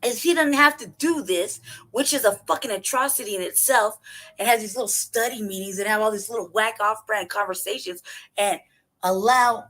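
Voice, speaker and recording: A woman's voice: a little high, fairly bright tone. Blunt, foul-mouthed woman commentator. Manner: blunt, heated, swears heavily. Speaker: news commentary host. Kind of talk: profane commentary over a played clip.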